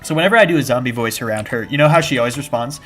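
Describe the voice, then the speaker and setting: A young man chatting casually on a live gaming stream, rambling and restarting his sentences, with bursts of shouted panic. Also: medium pitch, rapid-fire. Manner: rambling and self-interrupting, with sudden shouted panic at scares. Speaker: game streamer. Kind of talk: casual live-stream chat while playing. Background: background music.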